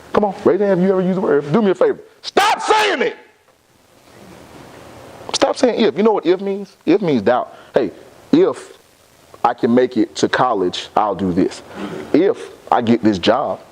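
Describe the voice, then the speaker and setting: A man's voice: sits high, a little mellow, slight background noise. A young man giving a motivational talk to a live audience, emphatic and repeating phrases for effect. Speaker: motivational speaker.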